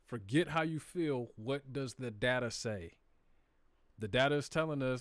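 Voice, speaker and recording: Speaking at normal speed in a mid-range voice with no echo, a Southern-accented man runs a live crypto stream as a casual screen-share walkthrough. He chats straight to viewers about charts and data, keeping it plain and slipping into slang.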